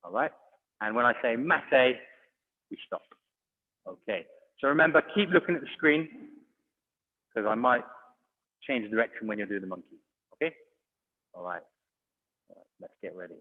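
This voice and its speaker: A man's voice: mid-range voice, animated, moderate pace, pauses often. A man coaching a children's online exercise class, encouraging and calling out commands. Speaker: judo coach. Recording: phone-like audio, long hall reverb.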